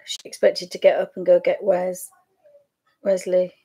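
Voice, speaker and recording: A woman's voice: on the low side, completely flat delivery, unhurried, warm tone, slightly rough. Rambling, chatty Yorkshire woman. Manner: rambling, chatty, wandering off mid-sentence. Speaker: craft vlogger. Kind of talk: casual chat to camera.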